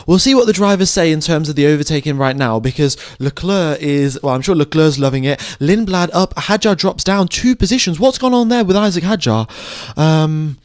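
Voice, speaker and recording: A young man giving live motorsport commentary on a stream, excitable and chatty, talking straight to his viewers. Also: on the high side, normal speed, dry recording, studio quality. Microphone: headphones on, home streaming mic.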